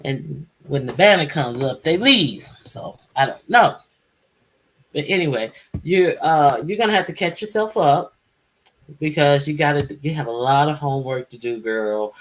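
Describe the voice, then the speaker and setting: A woman's voice: deep voice, expressive, normal speed, slight background noise. Woman, live stream host, casual chat, calls out guests by name.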